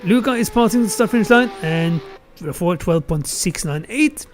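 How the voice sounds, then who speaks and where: A man's voice: high voice, expressive, moderate pace, slight background noise. A man giving casual live commentary on a sim racing qualifying session, thinking aloud and correcting himself as he goes.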